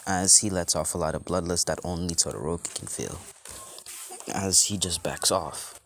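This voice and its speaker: A man's voice: deep voice, steady tone, moderate pace, a bit bright, slight background noise. A man casually narrating a fan-made story in a rambling, loose way full of fillers.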